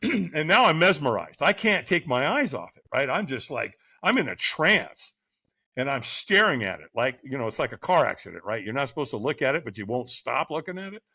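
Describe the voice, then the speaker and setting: A man guest on a podcast, telling a personal story in an animated way, often checking in with a quick "right?". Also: medium pitch, slightly rough. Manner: lively, keeps asking "right?".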